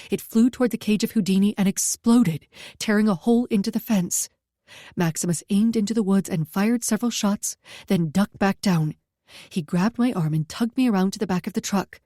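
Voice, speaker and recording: Woman reading a story out loud, warm mellow voice, dry close mic. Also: medium pitch, no room sound. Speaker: audiobook narrator. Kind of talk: first-person story narration.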